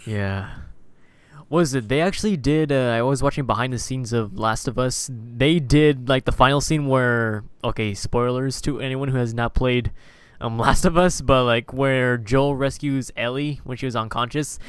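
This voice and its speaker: Male host, casual interview, hesitant and self-correcting, smooth dry voice. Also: medium pitch, normal speed, no echo. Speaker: podcast host.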